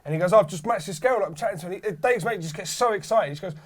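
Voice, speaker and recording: High-voiced lad telling stories. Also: male voice, very fast. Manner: animated, laughing storyteller. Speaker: podcast co-host. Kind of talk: casual storytelling chat.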